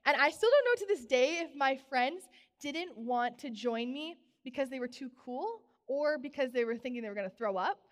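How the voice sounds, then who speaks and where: A young woman preaching a sermon in a church, telling stories with bubbly, animated exclamations. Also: high-pitched, moderate pace. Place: church sanctuary. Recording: long church reverb.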